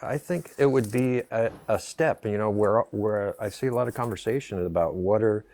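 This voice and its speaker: Deep-voiced man speaking haltingly. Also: darkish tone, no room sound. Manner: hesitant, many fillers and restarts. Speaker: panel guest. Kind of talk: casual live-stream discussion.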